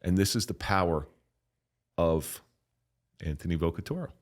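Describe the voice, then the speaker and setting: Middle-aged man, low voice, podcast guest, animated and profane, preachy storyteller. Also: normal speed. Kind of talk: casual storytelling.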